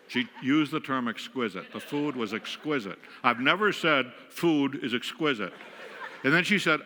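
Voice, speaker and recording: A guest speaker from western New York tells wry, self-mocking stories about married life from the pulpit. His voice is bright and forceful. It rings with the long reverb of a church sanctuary. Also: mid-range voice, lively intonation, normal speed, slight background noise. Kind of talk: humorous storytelling sermon.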